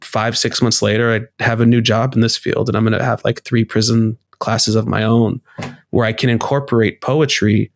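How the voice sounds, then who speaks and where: Guy on a podcast chatting about his life, kinda rambly and reflective, swears a lot, average pitch, voice jumps up when he acts out his own thoughts. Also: flat delivery, normal speed, gravelly, no echo. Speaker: podcast guest, poet. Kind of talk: candid conversational interview.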